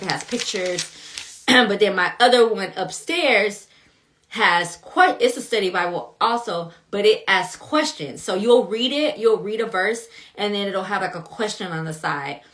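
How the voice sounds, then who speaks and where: A young adult woman talking casually in a Bible study vlog, animated and chatty, reacting with laughs as she reads. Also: fairly low pitch. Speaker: vlogger reading scripture.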